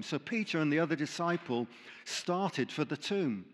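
A man's voice: fairly high pitch, lively intonation, normal speed, long reverb tail. A man preaching a sermon, reading scripture aloud with dramatic emphasis and dropping in light asides. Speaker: pastor.

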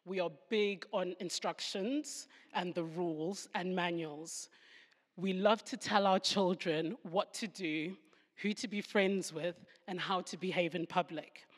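A woman's voice: fairly low pitch, steady tone, measured pace, long reverb tail. A woman with a Southern African accent giving a devotional Bible talk, with humorous asides where she laughs at herself. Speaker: Bible teacher.

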